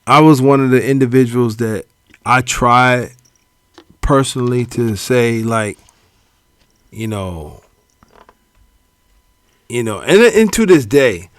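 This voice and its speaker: This man's voice sits in the middle range, smooth and unhurried with frequent pauses, and there's no room sound. As a podcast co-host, he spins casual stories and performs the quotes of people who spoke to him with lively flair.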